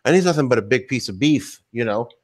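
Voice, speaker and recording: A man co-hosting a podcast in casual chat, emphatic and quick to agree and add detail. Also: medium pitch, animated. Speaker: podcast co-host.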